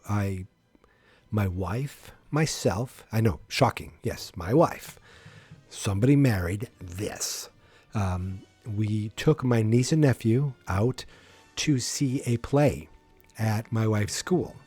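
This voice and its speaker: Man, podcast host, loose self-deprecating ramble, mellow lowish voice, dry close mic. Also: no echo. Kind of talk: solo podcast chat.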